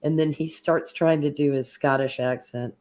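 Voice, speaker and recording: A woman on a casual panel chat, easygoing and quick to giggle, talking from her home. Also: low voice, steady tone, darkish tone. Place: home with an open floor plan.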